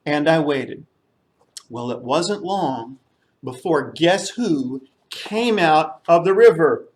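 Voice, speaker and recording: A man's voice: a little high, lively intonation, slow. A man telling a children's story at a church service, playful and inviting the group to join in. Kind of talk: children's story with audience call-and-response.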